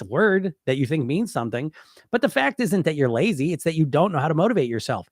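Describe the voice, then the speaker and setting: Stuffy with a head cold, a middle-aged podcast host and hypnotist weight coach fields questions in a casual live stream. His slightly high voice is very animated and brisk, blunt and rambling with frequent "you know" fillers, in clean studio sound with no room sound.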